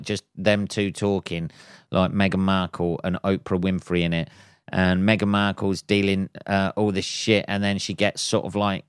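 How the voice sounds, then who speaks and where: A man's voice: on the low side, smooth, no echo, clean studio sound. A man hosting his own podcast, ranting casually with lots of swearing and chuckles, mocking with put-on voices. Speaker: podcast host. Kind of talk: casual solo podcast rant.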